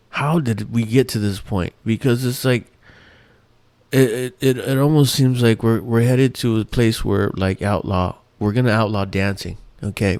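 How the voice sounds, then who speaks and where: A man's voice: lowish voice, a little mellow, no echo. A man hosting his own show, ranting in a rambling, profane, exasperated way with many restarts. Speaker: podcast host. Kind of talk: casual ranting monologue.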